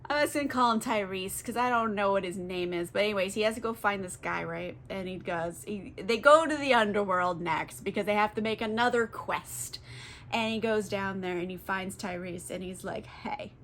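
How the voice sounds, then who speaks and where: A woman's voice: medium pitch, moderate pace, a bit bright. A tipsy woman retelling a classic book as a casual comedic recap, rambling, swearing and giggling. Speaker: book vlogger.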